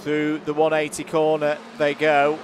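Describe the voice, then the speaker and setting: Male lead commentator, fairly high voice, faint noise behind, snappy play-by-play. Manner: brisk, rising to excited calls over on-track action. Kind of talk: live sim-racing play-by-play commentary.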